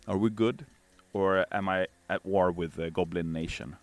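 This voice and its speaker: A man's voice: low-pitched, steady tone, dry recording. A man with a Swedish accent, a game developer live-streaming and reading chat, joking around in a playful, theatrical way. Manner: playful, theatrical, quick to put on silly voices.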